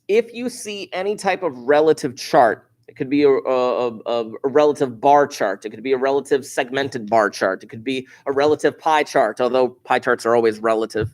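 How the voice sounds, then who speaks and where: A man teaching a high school statistics class, casual and offhand, who slows down and repeats key points for emphasis. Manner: informal, offhand asides. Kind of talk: classroom lecture.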